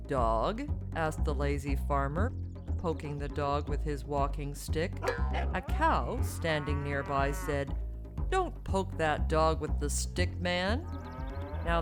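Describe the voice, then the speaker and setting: Children's storyteller: expressive sing-song woman narrator over music. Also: deep voice. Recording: music bed behind.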